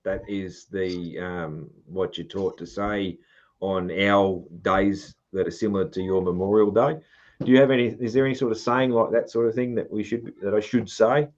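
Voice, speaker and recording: A man's voice: fairly low pitch, fairly even intonation, normal speed, a little mellow, highs cut off. An Australian man hosting a podcast, chatting loosely, swearing freely and trailing off with ums. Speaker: podcast host. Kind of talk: casual podcast chat.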